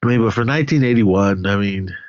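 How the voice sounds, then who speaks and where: A man's voice: on the low side, brisk, dry recording, muffled recording. A man casually retelling a horror film's plot, rambling with lots of fillers. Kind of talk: casual film recap.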